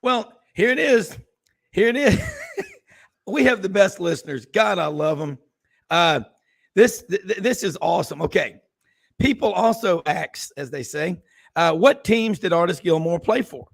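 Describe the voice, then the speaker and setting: A man hosting a sports radio talk show, folksy and excitable, exclaiming often in casual chat. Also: high voice, unhurried, creaky.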